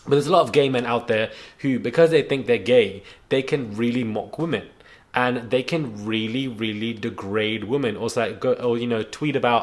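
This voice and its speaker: A man's voice: mid-range voice, normal speed. Indignant young man ranting to camera. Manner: rambling, restarts, frank and indignant. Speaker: YouTube commentator. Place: home on a rainy day.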